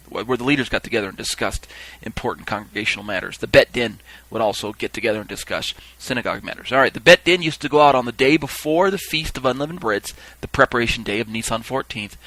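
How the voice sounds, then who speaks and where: A man's voice: medium pitch, pushed and bright, no room sound, poor audio. A man teaching a Bible lesson for a podcast, explaining as he goes, often checking in with listeners and using fillers.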